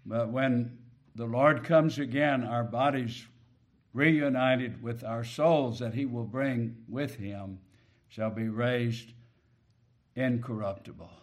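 A male preacher delivering a sermon, slow and deliberate, swinging from quiet low phrases to loud emphatic peaks on key words.

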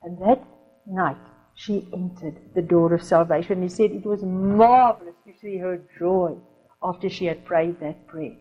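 A woman preaching a sermon, telling a story in a lively way and dropping to a soft whisper for quoted lines. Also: fairly low pitch, measured pace, dull audio.

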